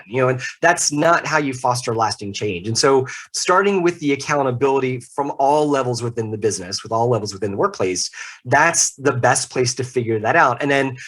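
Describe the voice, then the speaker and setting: A middle-aged man speaking as a podcast guest, animated and emphatic, with jokey asides. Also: medium pitch. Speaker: podcast guest, leadership consultant. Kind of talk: casual interview talk.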